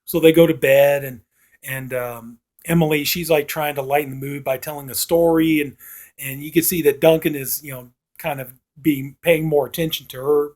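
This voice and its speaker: A man's voice: medium pitch, darkish tone. A man casually recapping a horror film's plot, rambling with many fillers and briefly acting out the characters' lines. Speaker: film reviewer.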